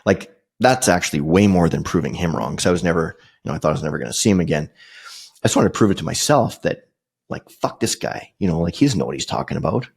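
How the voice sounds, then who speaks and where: A man's voice: low voice, animated, quick pace, gravelly, darkish tone, breathy edge. A man, hosting a podcast and telling a personal story in a casual, conversational way, swearing freely and restarting often. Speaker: podcast host.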